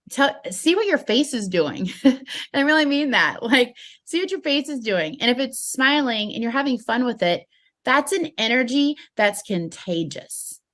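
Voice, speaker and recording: A woman giving an upbeat, animated network-marketing training talk, speaking with a smile in her voice. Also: on the high side. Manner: upbeat, animated, smiling delivery. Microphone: phone.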